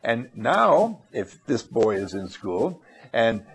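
A man's voice: mid-range voice, very animated, slow pace, breathy edge. A man giving a rambling anecdotal talk who often restarts his phrases and acts out characters. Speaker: storyteller.

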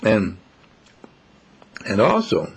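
Low, gravelly man musing slowly. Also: huge pitch swings. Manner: slow, musing, storytelling. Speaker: speaker. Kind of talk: casual reflective monologue.

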